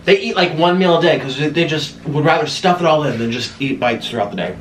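A young man hosting an eating vlog, talking casually between bites with excited gasps and murmurs. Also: fairly high pitch, fast talker. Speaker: mukbang host. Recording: echoey room with faint noise.

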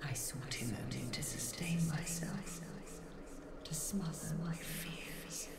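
A woman's voice: low voice, vocal fry, heavily acted. A woman voicing a sorrowful eternal guardian of chaos in a solemn, whispered role-play. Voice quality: whispered throughout. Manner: slow, solemn and mournful. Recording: echoey game audio.

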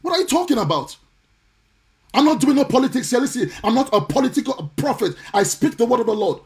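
A man preaching on a live stream, indignant and forceful, repeating his points and sometimes slipping into a sing-song cadence. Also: extremely high pitch, very animated, quick pace. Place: home or church, streaming live.

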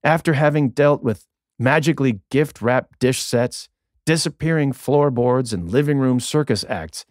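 A man reading his own humorous memoir audiobook in a recording studio, with a wry, deadpan storytelling manner. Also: mid-range voice, unhurried, no echo. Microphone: studio microphone.

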